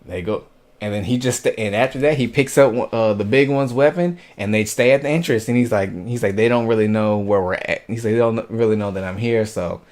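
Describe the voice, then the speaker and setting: Low-voiced man recapping an episode. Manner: animated retelling with quoted voices and sound effects. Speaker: anime reviewer.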